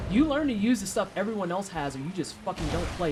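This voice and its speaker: A woman's voice: on the low side, animated, fast talker, hardly any pauses, background noise. A woman streaming her gameplay, chatting sarcastically with her chat and laughing often. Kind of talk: live-stream gameplay commentary, reading chat.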